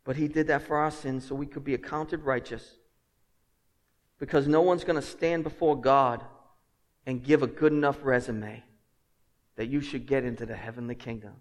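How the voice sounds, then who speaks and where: A man's voice: medium pitch, fairly even intonation, moderate pace, long pauses. Impassioned male preacher in a reverberant hall. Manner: emphatic preacher, swings from quiet to loud and jokes with the congregation. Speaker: pastor. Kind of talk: sermon. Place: church sanctuary. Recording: long reverb of a large hall.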